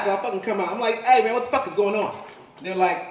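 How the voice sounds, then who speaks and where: Loud profane man doing stand-up. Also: high voice, fast. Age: 40s. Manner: profane, loud punchy delivery with frequent "you know what I'm saying". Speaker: stand-up comedian. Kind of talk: live stand-up set. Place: comedy club stage with audience laughing. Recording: roomy live club sound from a distance.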